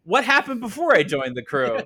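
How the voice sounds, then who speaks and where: A man's voice: sits high, sing-song, fairly quick, sharp tone, voice pushed up, full character voice. A man voicing a cheery female narrator in a sweet, sing-song put-on Southern American accent. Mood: bubbly.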